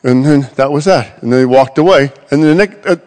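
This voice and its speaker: A middle-aged man preaching a sermon, animated and storytelling, acting out quoted voices. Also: mid-range voice, fairly quick. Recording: long hall reverb.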